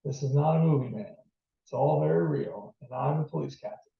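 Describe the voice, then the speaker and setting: A man with a gravelly voice voicing a calm, firm middle-aged police captain in a read-aloud novel, heard from a distance in a roomy space on a dull lo-fi recording. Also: on the high side, a little fast, natural voice. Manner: calm and authoritative.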